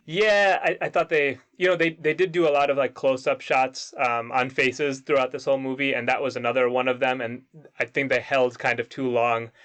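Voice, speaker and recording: Man, podcast co-host, reflective, measured, mid pitch. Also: fairly even intonation, fairly bright tone. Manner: reflective, measured, a little hesitant. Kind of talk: casual film discussion.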